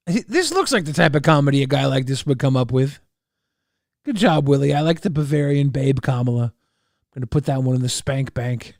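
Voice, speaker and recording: A man streaming live, reacting to clips with brash jokes and loud rhetorical questions. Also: mid-range voice, expressive, a little fast, creaky, no room sound, clean studio sound.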